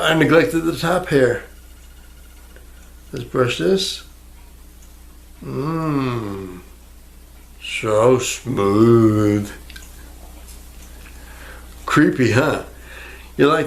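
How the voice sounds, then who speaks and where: Gravelly, rambling man ranting to camera. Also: fairly high pitch. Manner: rambling, crude, self-mocking, talks to the viewer. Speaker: YouTuber. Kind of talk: rambling casual vlog monologue. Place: indoors at home, near a fish tank. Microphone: camera microphone.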